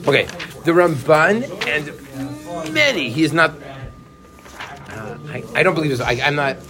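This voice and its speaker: A man's voice: on the high side, takes it slowly, a crowd in the background. A man teaching a Torah class who keeps asking his students questions. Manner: animated, asks the class questions.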